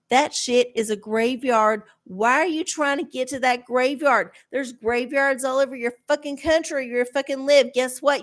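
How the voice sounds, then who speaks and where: Brash, foul-mouthed middle-aged woman. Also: high voice. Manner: blunt, sarcastic, swears freely. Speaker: livestream host. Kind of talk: profane ranting chat.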